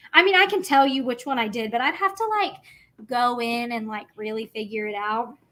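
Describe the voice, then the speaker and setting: A young woman talks through her craft livestream in a chatty, bubbly ramble full of fillers. Her voice sits a little high. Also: fairly bright tone. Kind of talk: casual livestream chat.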